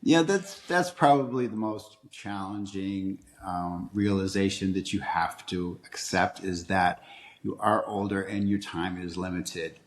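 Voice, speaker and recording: Older man in his 60s, Boston accent, slightly low voice, joking and upbeat. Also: a little slow. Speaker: interview guest. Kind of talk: conversational interview.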